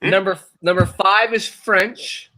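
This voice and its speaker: Man, high voice, bright tone, reading a countdown, casual show. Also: slow pace. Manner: steady, announcing list entries between chatter. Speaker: co-host reading a ranked list. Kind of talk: casual group chat on a live show.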